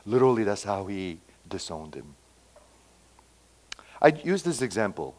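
A man preaching a sermon, acting out quotes and swinging between loud emphatic lines and quiet asides. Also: on the low side, big pitch swings, measured pace. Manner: acts out quoted dialogue, repeats phrases. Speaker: pastor.

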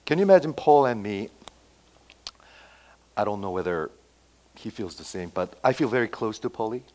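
A man preaching a sermon, acting out quotes and swinging between loud emphatic lines and quiet asides. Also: fairly low pitch, lively intonation, normal speed. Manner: acts out quoted dialogue, repeats phrases. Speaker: pastor.

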